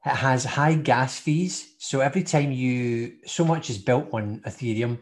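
Scottish male podcast co-host, casual and jokey, middle-pitched voice. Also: unhurried. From Scotland. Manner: jokey, chatty, laughs often.

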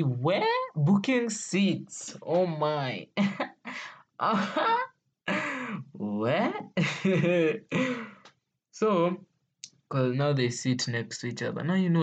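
The audio is dull, and the voice mid-range and a little mellow. It belongs to a vlogger with a Kenyan accent who casually tells stories to viewers, playful and exclaiming, laughing frequently and mixing English with Swahili slang.

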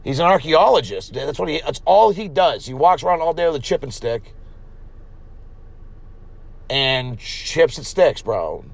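A man's voice: a little high, unhurried, vocal fry, pauses often. A man co-hosting an improvised comedy podcast, rambling and swearing his way through fake product talk. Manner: rambling, profane, deadpan fake-ad delivery. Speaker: podcast co-host.

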